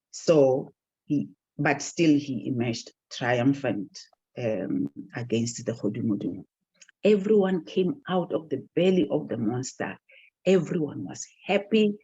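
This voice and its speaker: A Basotho storyteller from southern Africa tells a folktale expressively and dramatically, letting the volume swell. The voice is husky and mid-range, in a dull lo-fi recording.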